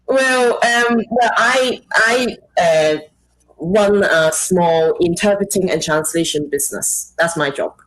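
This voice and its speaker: A woman's voice: lowish voice, slow, low-quality recording. A woman guest musician answering questions in a friendly way, explaining with restarts. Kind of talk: casual interview chat.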